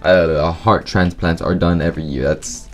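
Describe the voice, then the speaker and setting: A man's voice: sits low, fairly even intonation, normal speed, music in the background. A man giving casual, profane gameplay commentary, full of slang and trash talk as he plays. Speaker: gaming YouTuber.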